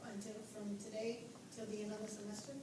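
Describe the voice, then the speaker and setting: A woman student asking a quiet, tentative question during a class. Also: mid-range voice, level tone, fast, noisy background. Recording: echoey classroom from far off.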